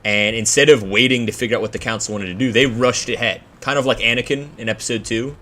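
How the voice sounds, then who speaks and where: A man's voice: lowish voice, a bit bright. A young man giving casual, rambling let's-play commentary with slang and jokes. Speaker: gameplay commentator.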